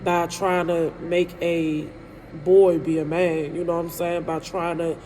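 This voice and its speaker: A woman's voice: lowish voice, level tone, a little slow, dark tone, a little hiss or hum. Candid woman telling a painful storytime. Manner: candid, rambling, frequent "you know what I'm saying"; emotional and hurt. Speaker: live streamer telling her own story. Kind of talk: emotional storytime vlog.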